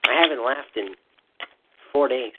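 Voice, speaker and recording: A man co-hosting a podcast, trading dry deadpan one-liners in casual chat. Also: mid-range voice, measured pace, very noisy. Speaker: podcast co-host. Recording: phone-like lo-fi line.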